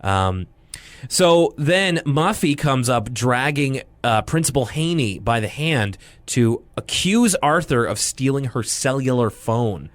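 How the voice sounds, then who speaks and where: An enthusiastic young man talks through a cartoon episode on a podcast in a casual, jokey way. His voice rises and falls with lively energy, recorded close with no room sound. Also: mid-range voice, takes it slowly, no room sound. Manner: enthusiastic, jokey, says "dude". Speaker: podcast co-host.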